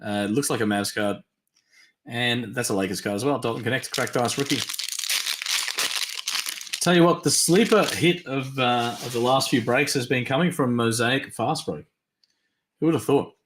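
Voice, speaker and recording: A man hosting a live-stream trading card break, tired and yawning, chatty as he reads teams and cards in quick lists. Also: medium pitch, reverberant, noisy background. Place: at a desk during a live stream.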